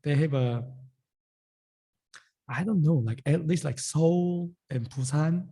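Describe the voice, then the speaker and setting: A young man with a Korean accent runs a relaxed vocabulary lesson, saying each word twice. His voice sits a little high for a man, with a mellow, slightly husky tone. His English is loose and informal, full of "like" and "uh". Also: slow pace. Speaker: Korean teacher. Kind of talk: casual online language lesson.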